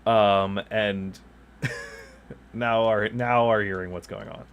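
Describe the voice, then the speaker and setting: A man's voice: fairly low pitch, fairly even intonation, slow, clear, resonant tone, dull audio. A man streaming a game at his home desk, chatting loosely and chuckling at himself into a microphone set beside him. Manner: rambling, chuckles often, self-mocking. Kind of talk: casual chat while gaming.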